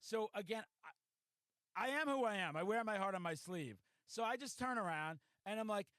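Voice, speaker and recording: Excitable, foul-mouthed male podcast host. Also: high voice, brisk, no room sound. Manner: excitable, profane storytelling. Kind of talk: casual chat.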